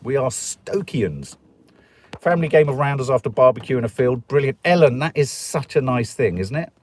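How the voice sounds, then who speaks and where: A middle-aged Englishman from Stoke-on-Trent hosts a live stream, reading out viewer comments in a rambling, jokey chat and doing voices for the people he quotes. His voice is medium-pitched and a little mellow, with lively intonation and a moderate pace. There's a slight hiss or hum on the recording.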